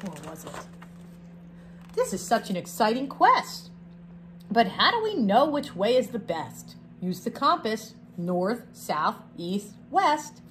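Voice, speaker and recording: A woman, a teacher reading a picture book aloud to her class, expressive, with chatty asides between the verses. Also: on the high side, slow pace, slight background noise.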